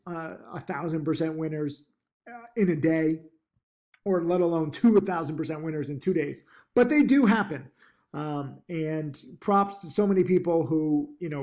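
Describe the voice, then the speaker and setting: Higher-voiced man rambling to his laptop. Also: a little mellow. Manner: rambling, lots of ums and restarts; upbeat, pushy encouragement. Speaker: stock trading teacher. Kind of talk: casual talking-to-camera vlog. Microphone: laptop mic.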